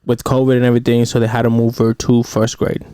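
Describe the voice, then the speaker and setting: A man's voice: mid-range voice, fast, a little hiss or hum. A young man hosting a podcast, talking casually with frequent swearing and restarts. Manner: relaxed, swears freely, frequent backchannel yeahs. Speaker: podcast host.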